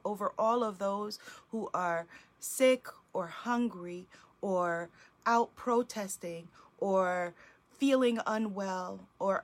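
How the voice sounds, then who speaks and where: A woman hosting a group call, leading a guided meditation and a slow, reverent prayer. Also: medium pitch.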